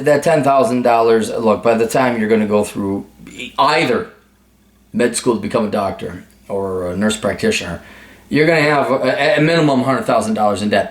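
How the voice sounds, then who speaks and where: A man's voice: medium pitch, normal speed, reverberant. A man hosting an advice video, giving blunt, profane, sarcastic answers in a ranting monologue. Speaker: advice show host.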